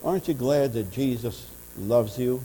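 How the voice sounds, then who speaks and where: A man preaching an earnest, impassioned sermon as pastor of a church, his voice swelling louder in passionate stretches. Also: mid-range voice, measured pace. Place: church sanctuary. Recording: church audio with long reverb and mains hum.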